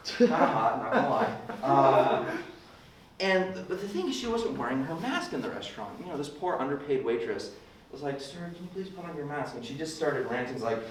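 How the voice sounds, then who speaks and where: A man's voice: medium pitch, very animated, normal speed. A young man doing a rambling, self-deprecating stand-up set at an open mic, slipping into ranting voices now and then. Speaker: stand-up comedian. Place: club open mic room. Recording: echoey room, distant mic, faint hiss.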